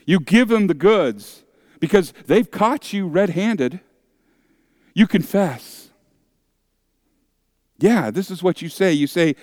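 A man's voice: a little high, darkish tone, no room sound, studio quality. A male pastor preaching a sermon, acting out the voices of objectors and accusers with dramatic shifts.

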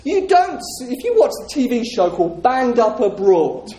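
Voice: mid-range voice, sing-song, normal speed, mellow. A preacher delivering a sermon, emphatic and repeating key phrases, with jokes for the congregation. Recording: roomy echoing hall.

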